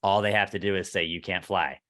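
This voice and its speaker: A man's voice: low-pitched, fairly even intonation, a little fast, fairly bright tone. A man co-hosting a podcast, telling a story in casual chat, acting out the other people's lines and swearing freely. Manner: ranting, acts out quoted dialogue, swears freely. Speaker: podcast co-host.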